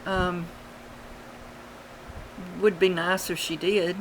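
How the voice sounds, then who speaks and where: Rambling older woman, lowish voice. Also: little pitch movement, slight background noise, rough recording. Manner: rambling, unhurried, many fillers. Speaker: vlogger. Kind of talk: casual storytelling. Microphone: webcam.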